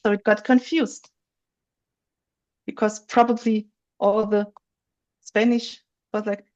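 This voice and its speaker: A woman's voice: mid-range voice, fairly even intonation, slow pace, pauses often, a little mellow. A woman instructor leading a live online workshop, chatty and thinking aloud, laughing easily. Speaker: writing software instructor. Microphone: video call. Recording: dull lo-fi video call audio.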